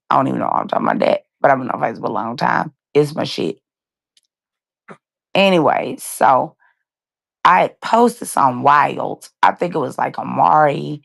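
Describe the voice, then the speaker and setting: Woman around forty, deep vocal fry, candid emotional storytelling, talks to the crowd, dry close sound. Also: animated, normal speed, dry recording. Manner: casual, emotional, speaks straight to listeners with "y'all" and "you guys". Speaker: live-stream host telling a personal story. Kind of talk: candid personal storytelling to a live audience.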